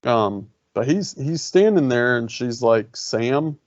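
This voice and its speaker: A man's voice: mid-range voice, expressive, measured pace, no echo. A man co-hosting a film review podcast, chatting casually with enthusiastic, laughing interjections. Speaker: podcast co-host. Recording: dull lo-fi dry podcast sound.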